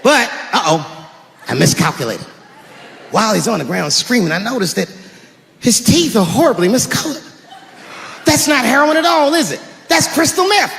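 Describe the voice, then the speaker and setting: A man doing a stand-up comedy set, animated and shouting his punchlines while acting out characters. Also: high-pitched, moderate pace, gravelly, pauses often, long reverb tail, slight background noise.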